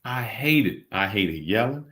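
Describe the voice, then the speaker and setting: A man's voice: on the low side, unhurried. A man co-hosting a casual reflective chat, telling stories and acting out the people in them. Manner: animated storyteller, acts out quotes. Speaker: vlog co-host.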